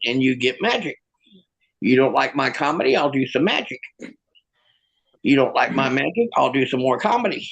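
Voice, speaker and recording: A man's voice: medium pitch, creaky, a bit bright, rough recording. A man doing a self-mocking stand-up comedy and magic act over a video call, laughing at his own jokes.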